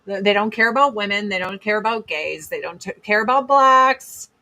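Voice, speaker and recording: A woman's voice: medium pitch, normal speed, bright, forceful tone. A woman in her forties hosting a casual chat stream from home, blunt and rambling, swearing freely.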